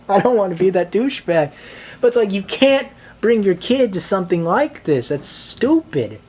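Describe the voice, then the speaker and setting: Husky and high, with lively intonation, a man who reviews movies vents to the camera about a ruined movie-theater outing. His exasperated, swear-filled telling rambles and halts, constantly restarting and packed with "like" and other filler words.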